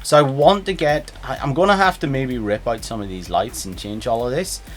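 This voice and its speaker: A man's voice: mid-range voice, normal speed, faint music behind. A man streaming a game, talking casually and jumping between topics with chat. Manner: animated, chatty, jumps between topics.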